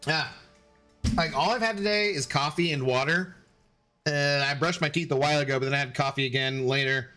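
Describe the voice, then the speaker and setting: Over faint background music, a man with a slightly high, sharp voice streams a game, talking briskly. He rambles casually while playing and responds to viewers' chat messages.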